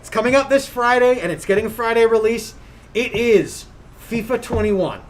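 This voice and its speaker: Woman from long island chatting on a gaming stream podcast, animated, jokes and laughs a lot. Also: a little high, normal speed. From Long Island, New York. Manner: animated, jokey, laughs often, shouted put-on quotes. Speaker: podcast co-host. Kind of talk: casual gaming podcast chat. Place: streaming setup.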